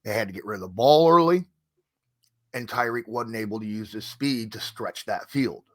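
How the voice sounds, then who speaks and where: A man's voice: lowish voice, moderate pace, a bit bright, no room sound. A man hosting a sports podcast, talking casually and working through game stats. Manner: stat-heavy, conversational. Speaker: podcast host.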